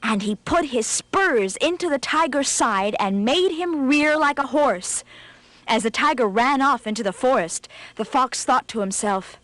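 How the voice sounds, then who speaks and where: A woman narrating a children's storybook in a scripted, expressive read, slowing for effect. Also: high voice, dry recording.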